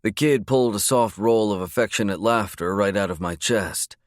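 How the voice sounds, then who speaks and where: A man reading a romance audiobook in a measured, low-key narration. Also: no room sound, clean studio sound. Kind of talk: scripted narration.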